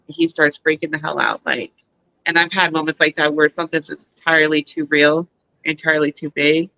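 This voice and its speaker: Bright animated woman retelling a story. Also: low-pitched, brisk, creaky, dry recording. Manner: animated retelling with acted-out quotes; laughs often, casual swearing. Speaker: book club podcast co-host. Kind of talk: casual recap chat. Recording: dull lo-fi dry recording.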